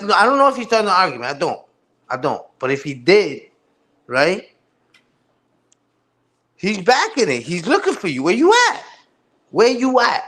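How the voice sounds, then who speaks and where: A man's voice: high-pitched, bright, forceful tone. A man hosting a live stream, ranting heatedly with profane street slang. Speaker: livestream host. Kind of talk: casual livestream rant.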